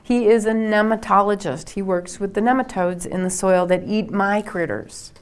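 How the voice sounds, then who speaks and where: An older woman from Minnesota with a Minnesotan accent, a soil scientist giving a lecture, emphatic and slowing down to stress her points. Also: medium pitch, smooth.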